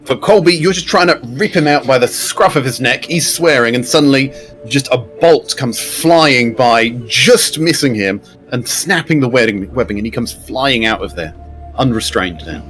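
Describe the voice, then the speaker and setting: Man, game master, tabletop game, easygoing, descriptive, lively pitch. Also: moderate pace, faint music behind. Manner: easygoing, descriptive, asks players what they do.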